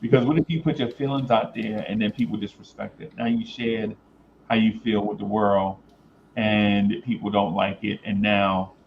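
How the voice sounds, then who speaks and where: A man hosting a casual talk show, rambling and thinking aloud with many pauses and fillers. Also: lowish voice, level tone. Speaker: host. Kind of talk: casual chat. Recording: slightly dull, faintly noisy.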